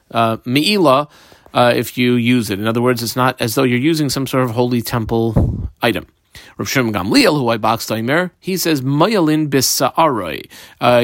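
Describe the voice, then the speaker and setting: A man teaches a Talmud page, moving phrase by phrase through the Aramaic and telling listeners which words to underline. His pitch rises and falls in a lively way, and the recording is dry and close, with no room sound. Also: no room sound. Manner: translates Aramaic phrases line by line, guiding page markings. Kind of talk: daily page study lesson.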